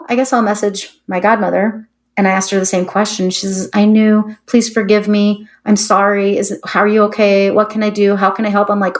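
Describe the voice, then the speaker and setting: A middle-aged woman, an interview guest, candidly telling an emotional personal story with quick asides and short laughs. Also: lowish voice.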